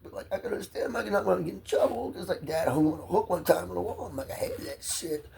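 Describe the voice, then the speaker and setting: Gravelly man rambling to camera. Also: sits high, fast, a little mellow. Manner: rambling, profane, emotionally volatile. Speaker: vlogger. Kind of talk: rambling personal monologue to camera.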